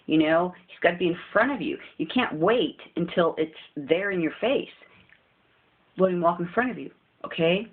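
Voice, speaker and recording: A woman's voice: lowish voice, lively intonation, moderate pace, husky. Earnest woman preaching over a phone-like line. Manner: earnest, repetitive, pleading. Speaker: faith video host. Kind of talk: informal spiritual encouragement. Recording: tinny phone-like audio with faint hiss.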